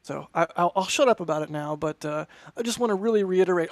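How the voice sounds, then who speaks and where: A man's voice: high voice, fast talker, hardly any pauses, no room sound, studio quality. A man co-hosting a launch livestream, chatting casually in an effusive, rambling way that keeps interrupting itself. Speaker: livestream co-host. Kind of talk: casual launch-stream commentary.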